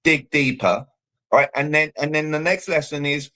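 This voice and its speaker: British male coach, fairly high voice, emphatic, punchy delivery on a video call. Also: steady tone, normal speed, sharp tone. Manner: emphatic, repeats "all right" between points. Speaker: communication coach, guest. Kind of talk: coaching talk on a live show.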